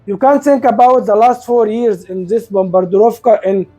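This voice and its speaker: Indignant high-voiced man ranting sarcastically. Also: fairly even intonation, normal speed, dark tone, faint music behind. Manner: indignant, sarcastic, rhetorical questions. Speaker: commentary video host. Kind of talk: opinion monologue.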